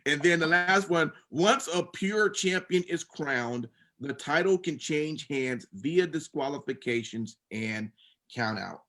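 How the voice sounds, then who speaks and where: A man's voice: on the high side, lively intonation, slow, a bit bright. Rambling man recapping wrestling shows. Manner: reads rules out then rambles with many fillers. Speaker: podcast co-host recapping wrestling. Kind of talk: casual podcast chat.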